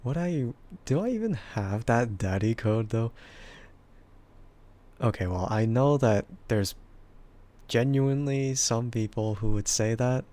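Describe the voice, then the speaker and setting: A man with a husky, bassy voice chatting casually with stream viewers and laughing often between remarks. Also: animated, a little slow, long pauses, dark tone. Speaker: VTuber streamer.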